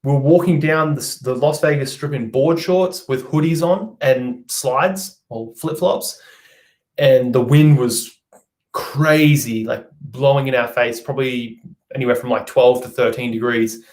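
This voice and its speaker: A man's voice: mid-range voice, unhurried, a little mellow. A young Australian man chatting casually on a live stream, reading out and answering viewer comments. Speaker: vlogger.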